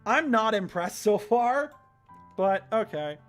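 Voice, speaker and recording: A man's voice: high-pitched, expressive, takes it slowly, faint music behind. A man streaming a visual novel, reading its text aloud and commenting with sarcastic exasperation. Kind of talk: live game commentary.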